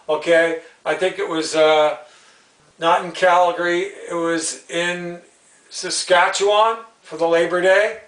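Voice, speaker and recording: A blunt, rambling man from Canada rants about sport, circling back and repeating his points with heat. His voice sits a little high for a man. He is a bit off-mic in a roomy, echoey space. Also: fairly bright tone, distant mic. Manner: blunt, rambling, repetitive, heated. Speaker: YouTube sports commentator. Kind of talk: live unscripted sports rant.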